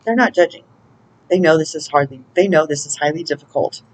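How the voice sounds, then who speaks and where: A woman's voice: sits low, brisk, low-quality recording. A woman giving a casual spiritual oracle reading, chatty and laughing often as she greets angels aloud. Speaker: intuitive oracle card reader.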